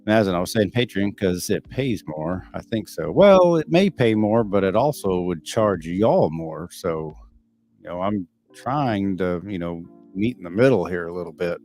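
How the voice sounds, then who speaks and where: A middle-aged Texan man hosts a casual live stream, reading viewers' chat and answering in a candid, blunt, profane way. His low, darkish voice has lively intonation at a normal speed, with soft music in the background.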